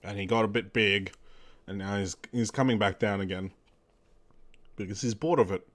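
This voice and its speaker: A man's voice: lowish voice, moderate pace. A young adult man chatting casually while streaming a game, rambling and correcting himself with lots of fillers. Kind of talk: casual let's-play chat.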